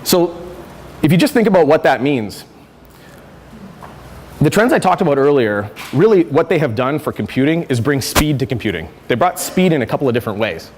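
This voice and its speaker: A man's voice: fairly high pitch, big pitch swings, fairly quick, a little mellow, big-room sound, a little hiss or hum. A man giving a conference talk, conversational and self-correcting with frequent fillers. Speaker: conference speaker. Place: lecture hall.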